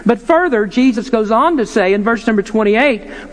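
A man's voice: sits high, expressive, normal speed, few pauses. A man preaching an earnest, emphatic sermon, posing rhetorical questions to his listeners. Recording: long hall reverb.

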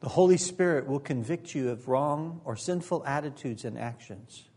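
A man's voice: mid-range voice, normal speed, mellow, husky. A man preaching a sermon as pastor, earnest and emphatic, with occasional joking asides.

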